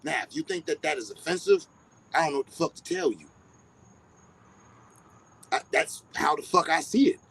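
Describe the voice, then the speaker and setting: A high-pitched man with a rough, gravelly edge and a husky grain. His delivery is intensely energetic and confrontational, full of emphatic cursing. He swings his pitch widely as he drives each point home. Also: poor audio. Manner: high-energy, passionate, profane. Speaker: live-stream host. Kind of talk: heated casual monologue.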